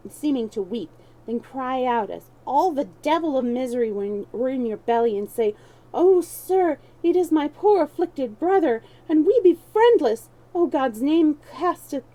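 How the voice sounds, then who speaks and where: A woman's voice: sits high, warm tone, pitched above the performer's own voice, low-quality recording. A woman voicing a crafty young male street thief who mocks and schemes in archaic speech.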